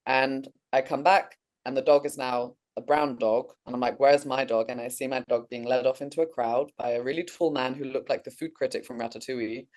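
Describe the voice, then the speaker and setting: A woman from England, co-host of a podcast, casually telling a long dream in an animated way, with swearing and laughter. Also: rumbling low, a little fast, hardly any pauses.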